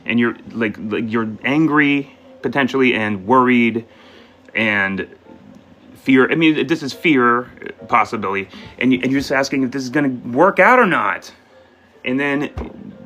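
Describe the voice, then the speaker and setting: A man's voice: mid-range voice, pushed and bright, low-quality recording. Rambling man giving a live tarot reading. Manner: rambling, self-correcting, thinks aloud. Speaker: tarot reader and live-stream host.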